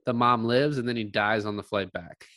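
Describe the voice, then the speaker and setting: A man's voice: on the low side, moderate pace, sharp tone, dry recording. A man co-hosting a casual movie chat, blunt and joking, with a habit of swearing. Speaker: podcast co-host.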